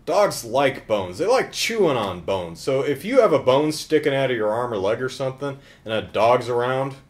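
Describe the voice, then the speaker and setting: A man's voice: medium pitch, big pitch swings, moderate pace. A man casually recapping a horror film in a joking, sarcastic way. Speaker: film reviewer.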